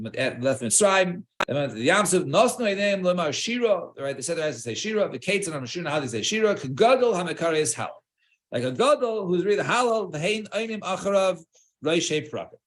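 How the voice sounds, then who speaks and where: A man leads a Talmud study class in a high voice that rises and falls freely. He stops and restarts his sentences, checks in with "right?", and mixes Hebrew and Aramaic phrases into his English explanations. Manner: halting, many restarts and fillers, checks with "right?".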